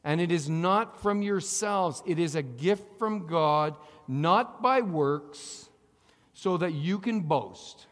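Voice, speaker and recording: A man preaches in a hall that rings with long reverb. His voice sits a little high for a man. He calls out for amens, has the congregation repeat after him, and swings between loud emphasis and quiet asides. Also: animated, takes it slowly. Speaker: pastor. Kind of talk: sermon. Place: church sanctuary.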